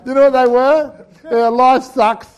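A man's voice: very high-pitched, level tone, measured pace. A middle-aged Australian man preaching a sermon, telling jokey stories and laughing at his own lines. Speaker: pastor.

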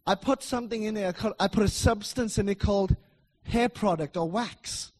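A middle-aged man preaching a sermon in a church, emphatic and repetitive, swinging between loud declarations and soft asides. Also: high voice, moderate pace.

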